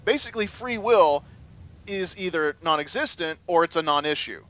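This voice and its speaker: A man in casual chat over gameplay, sarcastic and animated, often restarting his sentences. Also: fairly high pitch, normal speed, dull audio. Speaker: gaming co-host.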